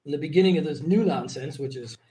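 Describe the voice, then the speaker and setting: A man's voice: a little high, quick pace, dark tone, rough recording. A man talking as a podcast guest, rambling and swearing freely, often breaking into laughter as he speaks. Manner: rambling and profane, laughs often mid-sentence. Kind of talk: casual conversation.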